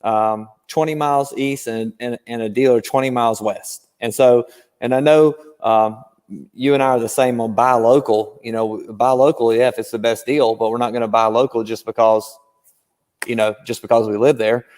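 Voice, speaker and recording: A man chats as a guest on a podcast, walking through dealership tactics and telling stories with concrete examples. His pitch sits mid-range. The recording carries a long reverb tail. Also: normal speed. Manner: animated storyteller, explains with examples. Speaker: guest car-dealership trainer. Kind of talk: casual podcast chat.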